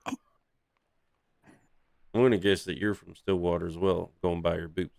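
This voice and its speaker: A man's voice: low-pitched, flat delivery, normal speed, gravelly, a little mellow, dry recording. A man voicing a polite, humble half-elven sea captain who hesitates and apologizes a lot. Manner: hesitant, apologetic, full of uhs.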